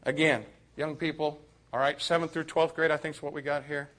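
Man preaching to teens, fairly high, bright and forceful tone, quiet asides that build to shouts. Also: little pitch movement, brisk. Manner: swings from quiet confiding to shouting emphasis. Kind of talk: youth sermon.

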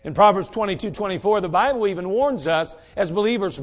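A man preaching a sermon in a folksy, direct way, swinging between loud emphasis and quiet asides. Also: high-pitched, expressive, brisk.

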